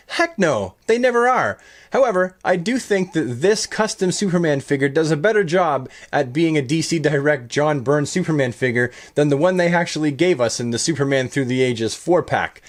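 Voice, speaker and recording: A man narrating a toy showcase, chatty and upbeat, with playful puns. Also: fairly high pitch. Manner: chatty, upbeat and pun-loving. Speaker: toy collector reviewing custom action figures.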